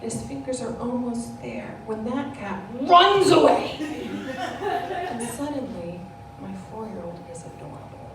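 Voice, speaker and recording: Animated woman doing stand-up, echoey and distant. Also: on the high side, unhurried. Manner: storytelling, mock-serious, laughing at own punchlines. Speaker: stand-up comedian. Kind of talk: stand-up comedy routine. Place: bar stage before a live audience. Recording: echoey room from far off, noisy.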